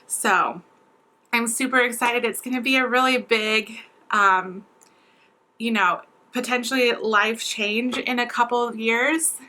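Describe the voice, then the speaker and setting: Bright-voiced chatty young woman vlogger. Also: a little high, fairly even intonation, a little slow, low-quality recording. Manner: chatty, rambling with many fillers. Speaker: beauty vlogger. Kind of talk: casual chat to camera. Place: at home, indoors.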